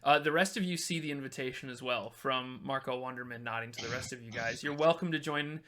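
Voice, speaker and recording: A man's voice: mid-range voice, fairly quick, sharp tone. A man running a tabletop game as game master, talking casually with frequent laughs and swearing.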